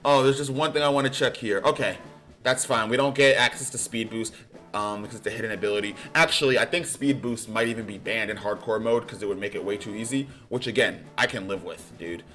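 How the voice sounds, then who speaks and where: A man streaming a game, thinking out loud in a loose, rambling way and now and then bursting into loud excitement. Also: lowish voice, fairly quick, soft background music. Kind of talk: casual game commentary.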